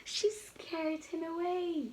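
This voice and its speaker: Reading a picture book to little kids, a playful, animated storyteller from Malta addresses them directly. She speaks slowly in a very high voice, with a little hiss or hum in the sound.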